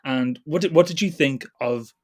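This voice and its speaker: A man's voice: medium pitch, moderate pace. A man co-hosting a podcast, chatting casually about a film with a laugh here and there. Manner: chatty, laughs between points. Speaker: podcast co-host. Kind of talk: casual film review chat.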